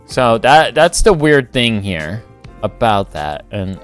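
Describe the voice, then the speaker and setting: Man, livestream host, lively pitch, slow delivery, rambling self-corrections, faint music underneath. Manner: rambling, thinks aloud, self-correcting, chuckles. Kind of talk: casual livestream commentary while building.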